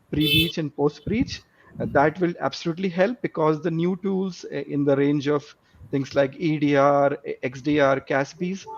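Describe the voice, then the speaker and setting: Man with a muffled lo-fi call line. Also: on the high side. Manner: fluent, filler-heavy with frequent "you know". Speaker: panelist. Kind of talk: panel discussion.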